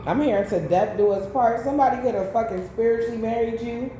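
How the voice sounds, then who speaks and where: A woman's voice: on the high side, a little fast, dark tone. A woman giving a casual tarot reading, blunt and profane, drifting into chatty personal stories. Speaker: tarot reader. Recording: very echoey room, faint background noise.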